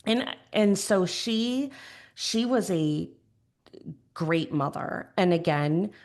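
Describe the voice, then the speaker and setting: A middle-aged woman with a Chicago accent talks as a podcast guest. Her voice sits low and carries a gravelly, creaky edge. She speaks thoughtfully, restarting sentences as she searches for the right words. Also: lively intonation, slow pace, a little mellow. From Chicago area, USA. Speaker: podcast guest, grief educator. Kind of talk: reflective conversational interview.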